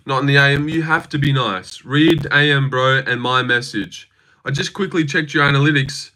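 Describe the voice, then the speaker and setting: A man's voice: medium pitch, fairly even intonation, moderate pace, sharp tone. A young man on a live stream, reading and answering chat with sarcastic, argumentative, swear-filled talk.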